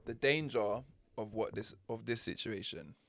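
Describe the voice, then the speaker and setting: A young man co-hosting a podcast, chatting in an animated, jokey way. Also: lowish voice, moderate pace, gravelly, no echo. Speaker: podcast co-host. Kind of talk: casual chat.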